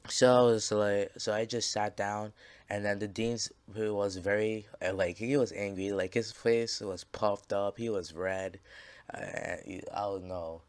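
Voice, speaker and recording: A man's voice: on the low side, level tone, unhurried. A man casually telling a story over gameplay, rambling and swearing, with lots of fillers and restarts. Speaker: gaming channel creator.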